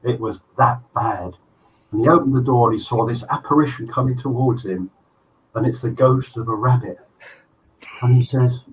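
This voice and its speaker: Animated joke-telling man, distant mic. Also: medium pitch, normal speed. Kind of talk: live show chat, joke telling. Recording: distant mic, faint noise.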